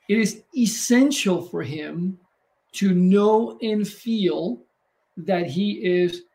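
A man speaking in a slow, measured, reflective way during a casual conversation. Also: high-pitched, a little mellow. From United States.

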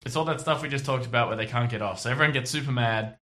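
A man's voice: medium pitch, very fast, sharp tone. A man co-hosting a casual podcast, recapping an anime with dry sarcasm. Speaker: podcast co-host.

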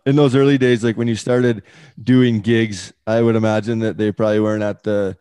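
A man's voice: on the low side, fairly even intonation, brisk, dark tone, clear, resonant tone, no echo. A man co-hosting a casual podcast, asking loose questions and swearing casually. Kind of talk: casual interview chat.

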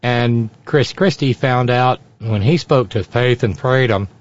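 A man's voice: medium pitch, measured pace, no echo. A man hosting a sarcastic political commentary show, with mocking asides. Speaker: host. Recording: dry, dull lo-fi sound.

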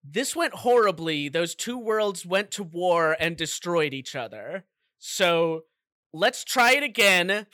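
A man with a bright, fairly high voice walks through a game's story at a slow, easy pace. He tells it like a relaxed storyteller and drops in jokey asides. The sound is dry and close. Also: no room sound. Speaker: podcast co-host. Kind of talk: casual chat, recapping a video game plot.

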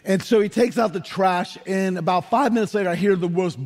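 A man in his forties preaching a sermon, telling stories with animated energy and rising to shouts for emphasis. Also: sits high, fairly quick. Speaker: pastor.

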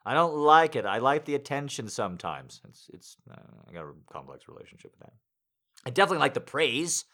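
A man chatting to his listeners in a rambling, heartfelt way, with halting restarts. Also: mid-range voice, big pitch swings, pushed and bright. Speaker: audio creator. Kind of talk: casual chat to listeners.

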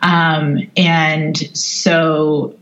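Guest, woman, low and slow delivery, thoughtful, muffled lo-fi recording. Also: flat delivery, fairly bright tone. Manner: measured, many "you know" fillers. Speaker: business coach guest. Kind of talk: reflective interview answers.

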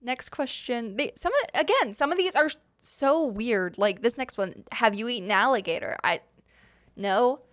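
Young woman, podcast host, loose chatty Q&A delivery, smooth clear voice. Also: a little high, animated, moderate pace, a bit bright. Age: young adult. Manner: chatty, rambling, many fillers and giggles. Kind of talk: casual Q&A chat.

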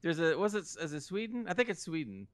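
A man co-hosting a podcast, telling animated stories in casual chat and laughing as he goes. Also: fairly high pitch, fast, no echo, clean studio sound. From United States. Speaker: podcast co-host.

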